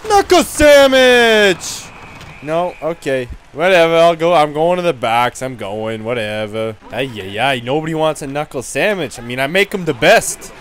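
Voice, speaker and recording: A man's voice: a little high, fairly bright tone, clean tone. A man voicing a brash, dim-witted young male hockey goon in rowdy, trash-talking game commentary. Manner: rowdy trash talk, frequent laughs. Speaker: gaming video creator. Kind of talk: in-character gameplay commentary.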